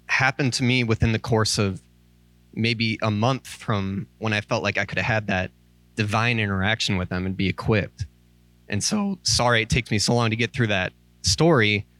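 Earnest, tearful young-sounding minister, bright voice. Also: male voice, on the low side, dry recording. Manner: candid and conversational, with many "like" and "um" asides; earnest and pleading. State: tearful, close to crying. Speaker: associate minister. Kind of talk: informal sermon. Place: church. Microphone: microphone.

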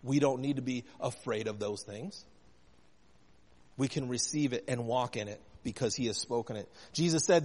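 A man's voice: fairly high pitch, moderate pace, long reverb tail. A male pastor preaching a sermon with earnest conviction, asking the congregation questions.

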